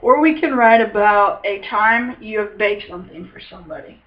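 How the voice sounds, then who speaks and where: A woman's voice: medium pitch, moderate pace. Young woman teaching a class, dull recording. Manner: clear, teacherly. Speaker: student teacher. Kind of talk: picture-book read-aloud and lesson.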